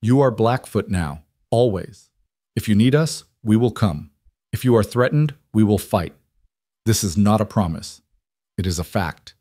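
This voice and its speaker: A man voicing a wise elderly male tribal chief, calm and solemn, with slow, measured, grave speech. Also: lowish voice, dry recording, clean studio sound.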